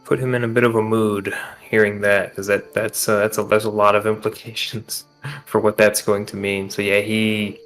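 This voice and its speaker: A man in casual game talk, explaining things in a halting way. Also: lowish voice, level tone, fairly bright tone, soft background music.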